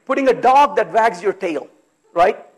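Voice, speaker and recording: A man gives an animated technical conference talk. His voice sits high and swings widely in pitch. He throws out rhetorical questions and acts out exasperated asides. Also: measured pace. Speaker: conference speaker. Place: conference hall.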